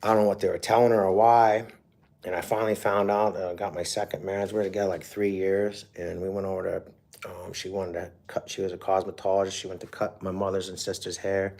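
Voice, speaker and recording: A man's voice: low-pitched, little pitch movement, brisk, gravelly, darkish tone. A middle-aged man hosting a livestream, telling a rambling personal story in a profane, emotional way. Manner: profane, emotional, with frequent fillers. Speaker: livestream host.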